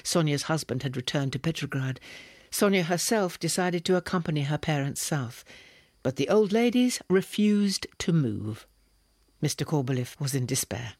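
A man reading a novel as an audiobook narrator, with measured, expressive delivery. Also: on the high side, no room sound, studio quality. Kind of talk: scripted narration.

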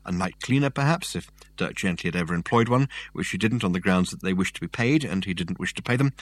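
A man reading a novel aloud as narrator in a dry, measured way. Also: lowish voice. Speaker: audiobook narrator. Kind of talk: scripted narration.

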